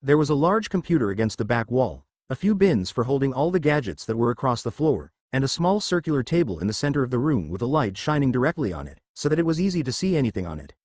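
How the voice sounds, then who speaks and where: A man narrating a fan fiction story in an expressive reading style. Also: mid-range voice, fast talker, few pauses, no room sound, studio quality.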